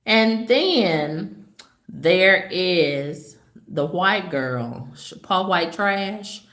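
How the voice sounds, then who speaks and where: Slow, sassy woman in an echoey room. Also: a bit bright. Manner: sassy, gossipy storytelling with dramatic swoops in pitch. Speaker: vlogger. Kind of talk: casual vlog storytelling to viewers.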